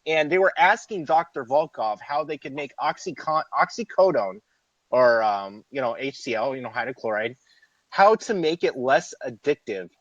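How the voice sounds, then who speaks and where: Animated, profane man telling a story. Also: medium pitch, normal speed, no echo. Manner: profane, animated, laughs through his story. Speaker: podcast co-host. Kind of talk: casual storytelling chat. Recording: dry, dull lo-fi audio.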